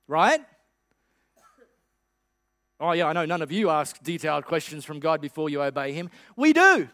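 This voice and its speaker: A high-voiced man preaches with playful humor. His voice sounds close and dry, with no room around it. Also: sing-song, moderate pace, pauses often, sharp tone, no room sound. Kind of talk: sermon.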